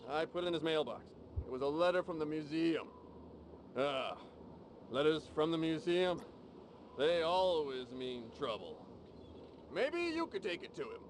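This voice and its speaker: A man's voice: fairly high pitch, sing-song, measured pace, long pauses, slight background noise. An actor playing a gossiping villager man who hands out unasked advice, in an adventure game. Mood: gossipy. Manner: gossipy, rambling. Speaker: game character.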